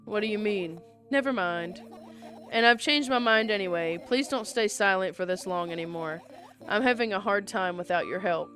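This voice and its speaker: A woman's voice: medium pitch, normal speed, a bit bright, faint music behind. A woman playing a visual novel and reading all of its text and dialogue aloud, with casual asides of her own between the lines. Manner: reads all parts herself, with casual asides. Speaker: game player reading aloud.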